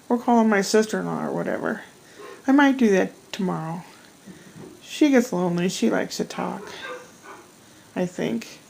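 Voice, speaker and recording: Middle-aged woman, gravelly, chatty home vlogger, rambling and self-deprecating. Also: mid-range voice, a little mellow, slight background noise, rough recording. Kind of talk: casual chat. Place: home at night.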